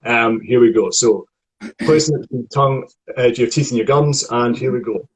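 A man's voice: mid-range voice, moderate pace, breathy edge, rough recording. A man leading a voice lesson, guiding a student through tongue and articulation exercises and demonstrating the sounds himself. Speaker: voice coach. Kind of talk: guided vocal warm-up lesson.

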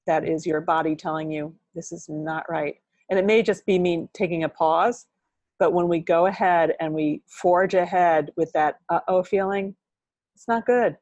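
A woman's voice: fairly low pitch, fairly even intonation, normal speed, a little mellow, dry recording, muffled recording. An older woman talking as a podcast guest and author, rambling and full of sayings and "you know". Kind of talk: candid interview conversation.

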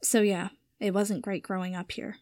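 A woman reading as Harry, guarded and halting. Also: medium pitch, level tone, darkish tone, no room sound, clean studio sound, natural voice. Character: young man, guarded, quietly hurt, awkward.

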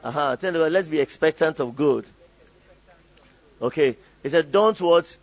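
A man's voice: a little high, a little slow, dry recording, rough recording. A male pastor preaching a sermon, calling on the congregation to fill in and repeat lines, often laughing. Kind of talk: call-and-response sermon.

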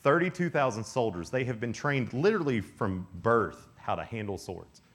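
Animated young male youth preacher. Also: medium pitch, moderate pace. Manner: animated storytelling, acts out voices, laughs often. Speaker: youth speaker. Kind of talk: youth camp sermon.

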